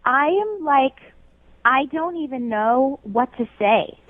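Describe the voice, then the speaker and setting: Flustered high-voiced woman on a phone line. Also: animated. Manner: flustered, apologetic, halting.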